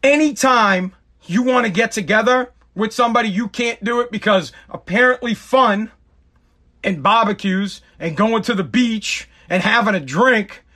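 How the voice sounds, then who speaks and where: Sarcastic, bright-voiced man ranting. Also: sits high, normal speed. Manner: mocking, shifts into exaggerated mimicking voices. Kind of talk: sarcastic political rant.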